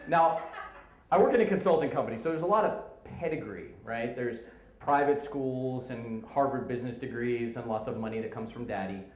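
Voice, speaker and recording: A man in his thirties telling a comic work story live on stage, animated, acting out the people in it. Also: medium pitch, moderate pace, echoey room, low-quality recording. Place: stage in a venue.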